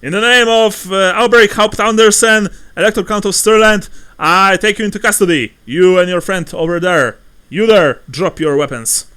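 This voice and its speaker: A man's voice: high voice, moderate pace, hardly any pauses, sharp tone, clear, resonant tone, voice pushed up. A man voicing a stern male soldier who formally orders an arrest. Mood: commanding. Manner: formal, commanding.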